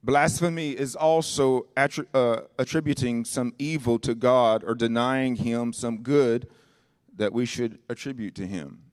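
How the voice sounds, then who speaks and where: A male pastor preaching with impassioned, sing-song delivery, swinging between shouted lines and quiet personal asides. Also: mid-range voice, steady tone, a little slow, dry recording, clean studio sound. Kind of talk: sermon. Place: church.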